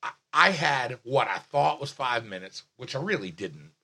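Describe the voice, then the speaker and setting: A man, a comedian telling a story in casual podcast chat, profane and animated, full of restarts and fillers. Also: mid-range voice, moderate pace, creaky, breathy edge. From Staten Island, New York.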